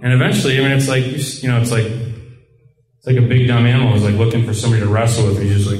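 A man's voice: mid-range voice, little pitch movement, fast talker, a little mellow. A man from Michigan sharing his story at a recovery meeting, rambling with lots of "like" and "you know". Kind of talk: personal recovery share. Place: meeting room. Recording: roomy, distant mic.

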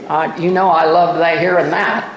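An older woman gives candid testimony at a meeting microphone, poking fun at herself as she tells her story. Her voice sits at a middling pitch and rings around an echoey room. A faint hiss of noise sits under it. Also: little pitch movement, normal speed. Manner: candid, self-mocking storytelling with wry humor. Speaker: speaker sharing at a recovery meeting. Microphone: microphone at a podium.

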